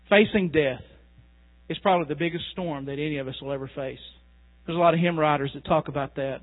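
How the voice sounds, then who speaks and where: Earnest pastor on a tinny line. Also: male voice, fairly high pitch. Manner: earnest preaching, rising with emotion when reading the poem. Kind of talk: sermon. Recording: tinny phone-like sound with mains hum.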